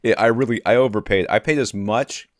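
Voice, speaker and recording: A man's voice: fairly low pitch, brisk, dry recording, clean studio sound. A man from the United States co-hosting a podcast, chatting casually with a joking, rambling manner and frequent chuckles. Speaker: podcast co-host. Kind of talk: casual chat.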